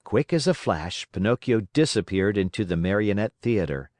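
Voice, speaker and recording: A man narrating a classic children's story for English learners, reading in an expressive, lively way. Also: fairly low pitch, moderate pace, no echo, clean studio sound.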